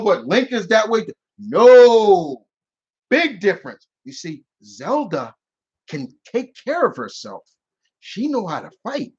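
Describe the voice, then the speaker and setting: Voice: mid-range voice, slightly rough. A streamer hosting a live Q&A, ranting in a casual, rambling way and slipping into acted voices. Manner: animated, rambling, acts out voices in quotes. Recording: dull lo-fi audio.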